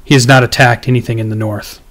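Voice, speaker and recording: A man voicing an ancient male dragon who speaks loudly, deeply and slowly. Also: fairly even intonation, lightly acted. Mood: solemn. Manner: slow, weighty pronouncements.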